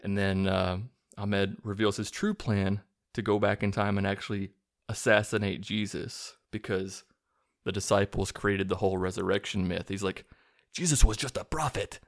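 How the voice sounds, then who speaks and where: A man casually recapping a movie plot with a sarcastic edge, acting out the characters' lines in quick bursts. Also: lowish voice, level tone, vocal fry, dry recording, studio quality. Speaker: movie reviewer recapping a film.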